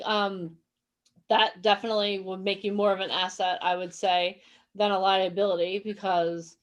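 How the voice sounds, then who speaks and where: A woman hosting a casual interview who halts and searches for words as she wraps up. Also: medium pitch. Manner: halting, searches for words while wrapping up. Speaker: host.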